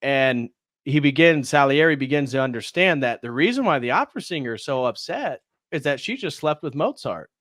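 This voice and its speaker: A man's voice: mid-range voice, expressive, a little fast, fairly bright tone, no room sound, clean studio sound. A man hosting a casual movie review on a live stream, retelling scenes and now and then acting out the characters' lines. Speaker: host.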